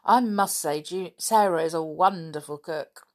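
Julian, a sensible young lad who leads the others, talks earnestly, sometimes drops to a hush, a little low and lively, as a woman reads him aloud in a storybook. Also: measured pace, close to an everyday voice. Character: Julian, boy eldest, sensible leader.

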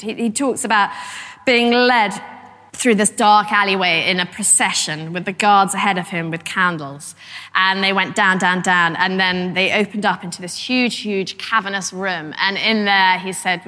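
A middle-aged woman giving a lively, conversational history talk with frequent restarts. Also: mid-range voice. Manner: animated, conversational, many fillers and restarts. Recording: long hall reverb.

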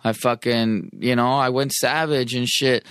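A man's voice: medium pitch, fairly even intonation, a bit bright, smooth, dry recording, clean studio sound. Blunt, profane man telling his story. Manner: blunt, profane, street slang, fast bursts. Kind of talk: casual conversation.

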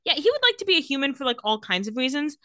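Bright-voiced woman recapping a show. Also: high voice, big pitch swings, very fast, no room sound, studio quality. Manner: recaps scenes, acts out quotes with jokes. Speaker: podcast co-host. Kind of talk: casual recap chat.

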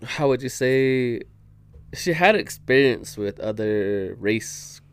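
A man's voice: mid-range voice, animated, takes it slowly, smooth. A man guest on a podcast, telling a story in loose, profane slang and laughing as he goes. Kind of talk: casual storytelling chat.

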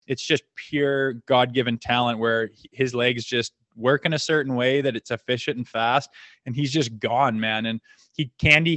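A man's voice: medium pitch, a bit bright, no room sound. Laid-back male storyteller, dry close sound. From Canada. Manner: laid-back, laughing, swears freely. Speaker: podcast guest, former hockey player. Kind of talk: casual storytelling.

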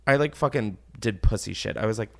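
A young man hosting a podcast in casual chat, rambling, excitable and swearing often. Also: on the low side, fairly quick, vocal fry. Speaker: podcast host.

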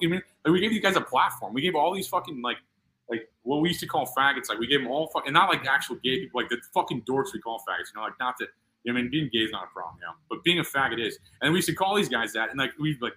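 A man's voice: medium pitch, animated, racing, pushed and bright, rough recording. A man hosting a casual podcast chat, rambling and profane, packing his talk with filler words.

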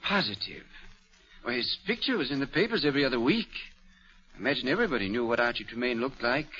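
An obliging, businesslike jeweler. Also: male voice, mid-range voice, animated, fast talker, bright, forceful tone, husky. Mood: courteous. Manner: courteous, businesslike. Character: smooth, obliging male jeweler. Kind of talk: 1940s radio acting. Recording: dull old radio broadcast.

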